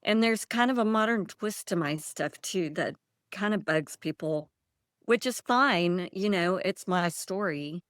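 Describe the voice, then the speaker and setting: Woman, author guest, casual interview, rambling, laughs a lot, lowish voice, dry sound. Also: expressive, unhurried, no room sound. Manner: chatty, laughs often, rambling storyteller.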